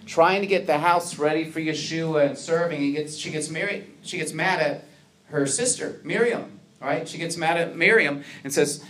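A man's voice: a little high, normal speed, fairly bright tone. A man preaching a sermon to his congregation, earnest, asking rhetorical questions and building to emphatic peaks. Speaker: pastor.

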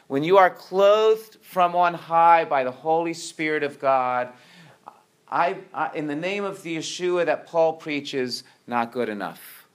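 A man's voice: a little high, measured pace, smooth. A man preaching a sermon to his congregation, often restarting his words and checking in with "right?".

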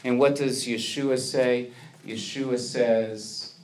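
A man's voice: mid-range voice, steady tone, slow, a little hiss or hum. A man preaching a sermon to his congregation, earnest, asking rhetorical questions and building to emphatic peaks. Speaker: pastor.

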